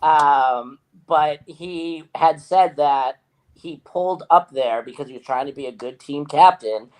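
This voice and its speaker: A man on a podcast, telling a story with lots of energy. He acts out what other people said and laughs often. His voice sits a little high for a man. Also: unhurried, poor audio. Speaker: podcast co-host. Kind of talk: casual chat, storytelling.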